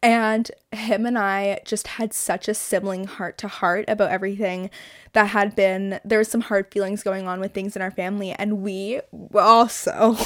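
A woman's voice: medium pitch, dry recording, clean studio sound. A young woman hosting a casual solo podcast, talking candidly with lots of "like" fillers and casual swearing. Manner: candid, chatty, swears freely, many "like" fillers. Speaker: podcast host.

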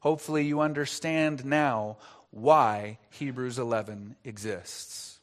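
A man's voice: mid-range voice, takes it slowly. A man preaching an expository sermon as pastor, earnest, asking rhetorical questions and stressing key words.

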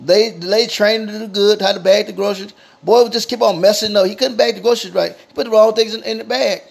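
A man improvising a simple spoken story in a halting, repetitive way, often restarting his sentences. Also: high-pitched, steady tone, gravelly, breathy edge.

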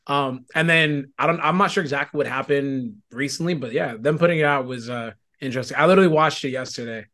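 Fast-talking man in casual podcast chat. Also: medium pitch, fairly bright tone. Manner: loose, profane, rapid chatter. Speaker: podcast guest.

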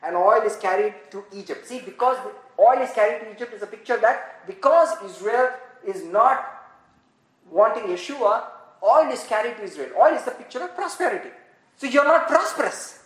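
Animated Bible teacher in an echoey room. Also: mid-range voice, normal speed. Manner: animated, often laughing at own points, checks in with "correct?". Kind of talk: informal Bible study teaching.

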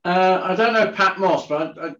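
A man, a guest in a casual chat, reminiscing about the 1980s in a relaxed way. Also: sits high, moderate pace. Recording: roomy, muffled sound.

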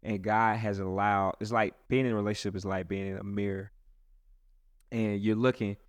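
A man's voice: on the low side, level tone, normal speed, no room sound, studio quality. A man, a pastor hosting a casual chat, who talks in a rambling way with many restarts. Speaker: pastor and host.

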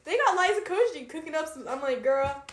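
A woman's voice: extremely high pitch, big pitch swings, fairly bright tone. A young woman co-hosting a casual podcast chat, talkative and laughing often. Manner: chatty, laughs often, quick asides. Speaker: podcast co-host. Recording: echoey room.

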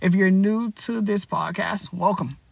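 A man's voice: high-pitched, measured pace, creaky, dry recording. A young man hosting his own podcast, talking casually, upbeat and rambling, correcting himself and firing off rhetorical questions. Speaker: podcast host. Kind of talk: casual solo podcast talk.

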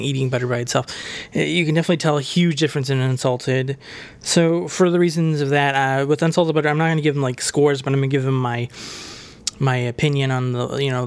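A man hosting his own podcast, reviewing butter in a casual, hammy way and tossing in a jokey put-on Irish "lad". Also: mid-range voice. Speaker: podcast host.

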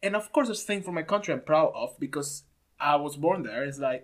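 A man's voice: on the high side, animated, brisk. Reflective man from Venezuela. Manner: reflective, searching for words with many fillers. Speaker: conversation partner. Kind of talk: casual chat.

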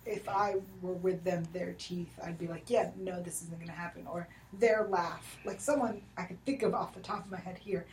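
A woman's voice: fairly low pitch, fairly even intonation, moderate pace, few pauses, a little mellow, distant mic, slight background noise, poor audio. A woman hosting an interview, blunt and teasing with her guest. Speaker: host. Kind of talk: casual interview chat. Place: recording studio.

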